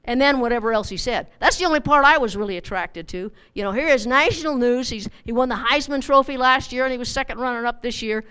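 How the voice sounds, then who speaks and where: A woman's voice: a little high, quick pace, few pauses, bright, forceful tone, clean tone. Chatty middle-aged woman teaching the Bible. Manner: chatty, repeats words, acts out voices.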